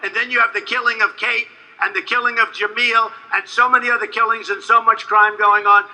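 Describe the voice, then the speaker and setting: A man giving a rambling, boastful campaign rally speech, repeating himself and sometimes shouting. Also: extremely high pitch, little pitch movement, a little fast, low-quality recording. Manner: shouts at times to a crowd. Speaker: political candidate.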